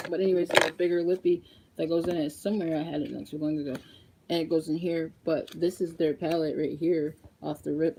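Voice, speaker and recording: A young woman chatting casually in a makeup vlog, animated and laughing often as she talks straight to her viewers. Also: low-pitched, slight background noise. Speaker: beauty vlogger.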